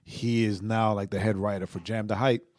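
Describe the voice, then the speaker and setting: A man's voice: lowish voice, little pitch movement, moderate pace, darkish tone, no echo, clean studio sound. A man co-hosting a podcast, chatting casually with jokey, teasing banter. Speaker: podcast co-host. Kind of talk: casual chat.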